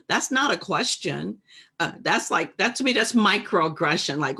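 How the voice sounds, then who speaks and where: A woman's voice: mid-range voice, expressive, moderate pace, vocal fry, sharp tone, husky. A woman co-hosting a casual discussion, reflective and emphatic, making her points carefully. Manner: reflective, emphatic, acts out quoted remarks. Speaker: co-host.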